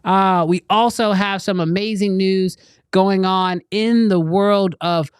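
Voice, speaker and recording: A man's voice: high-pitched, fairly even intonation, takes it slowly, clean tone, no room sound, studio quality. A middle-aged man hosting a casual live show, playful and joking, laughing often. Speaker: podcast host.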